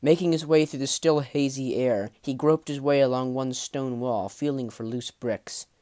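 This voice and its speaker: A man narrating a fantasy audiobook in a measured, dramatic way, dropping low at the ends of phrases. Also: fairly even intonation, dark tone. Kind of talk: storybook narration.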